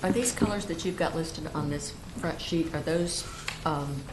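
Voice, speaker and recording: A woman on a county board, quietly asking questions during a meeting. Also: low-pitched, normal speed. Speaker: board member. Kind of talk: meeting discussion. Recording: echoey room with background noise.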